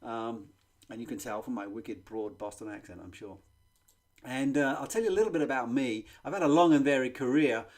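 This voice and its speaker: English guy, middle-aged, talking through a marketing pitch, lots of ums and uhs, mid-pitched voice. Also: a little fast, darkish tone. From England. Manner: conversational, with frequent ums and uhs. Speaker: magazine publisher presenting a marketing webinar. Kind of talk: presentation pitch.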